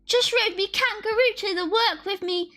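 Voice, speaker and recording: A cheeky, overdone Aussie bloke, as a woman puts him on, thick with slang in an exaggerated mock Australian accent. The voice sits very high and sounds bright and sharp, bouncing in a sing-song way. Faint lofi music plays underneath. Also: moderate pace. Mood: joking.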